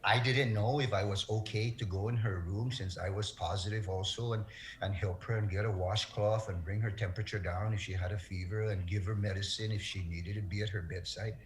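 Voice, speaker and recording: A middle-aged man speaking as an interview guest, telling a personal story in an earnest, halting way, his voice breaking with emotion. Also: lowish voice, fairly even intonation, slight background noise.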